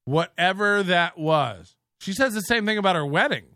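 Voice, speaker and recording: A man's voice: sits high, lively intonation, normal speed, sharp tone, no room sound, studio quality. A male host giving crude, sarcastic commentary on stream clips and mimicking the people in them.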